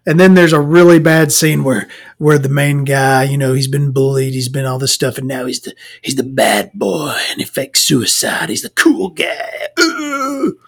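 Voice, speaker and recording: A man's voice: mid-range voice, normal speed, vocal fry. A man ranting about a movie in a rambling, sarcastic, profane way, laughing at his own jokes. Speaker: movie reviewer. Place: home recording, eating and drinking.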